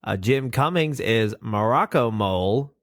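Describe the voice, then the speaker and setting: A man's voice: mid-range voice, animated, unhurried, no room sound, clean studio sound. A man with a nasal voice co-hosting a casual podcast, reading definitions and cast lists aloud and swearing casually. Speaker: podcast co-host.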